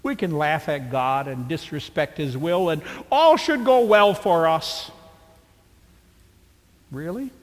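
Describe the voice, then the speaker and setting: Slow, high-voiced preacher in a reverberant hall. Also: male voice, expressive. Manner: dramatic preaching with rhetorical questions. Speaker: pastor. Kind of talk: sermon.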